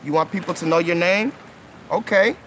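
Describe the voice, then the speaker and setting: A man's voice: high voice, normal speed, a bit bright, slight background noise. A man in his thirties with an earnest, coaxing way of talking, who keeps checking in with "okay?" and "right?" while hosting a live stream outdoors by a pool and speaking into a phone. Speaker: livestream host. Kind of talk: casual live-stream talk with kids.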